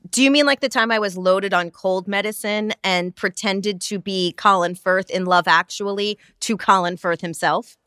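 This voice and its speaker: A woman's voice: mid-range voice, moderate pace, few pauses, bright, forceful tone, clean tone, dry recording, clean studio sound. A woman co-hosting a podcast, wry and teasing in casual chat. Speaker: podcast host.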